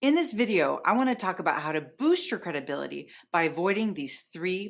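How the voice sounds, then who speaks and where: Middle-aged woman coach, lower voice, very animated pitch, clear, emphatic presenter. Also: a little fast, hardly any pauses. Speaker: communication trainer. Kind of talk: scripted presentation to camera.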